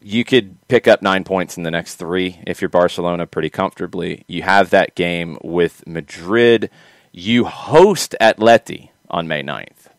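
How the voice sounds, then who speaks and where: Guy hosting a soccer show, low smooth voice, rambling chatty, dry close sound. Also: measured pace, no echo. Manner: rambling, self-correcting, chatty. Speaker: podcast host. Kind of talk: casual sports talk.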